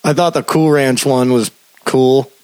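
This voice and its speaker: A man's voice: medium pitch, steady tone, a little slow, a little mellow, clear, resonant tone, dry recording, poor audio. Dry, wry podcast co-host man. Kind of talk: casual chat.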